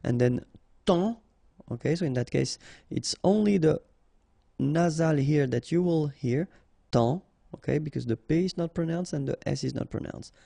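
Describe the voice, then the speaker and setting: A native French-speaking man with a French accent, a teacher running a pronunciation drill who slowly and patiently repeats and spells out each word. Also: on the high side, creaky, mellow, dry recording. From France.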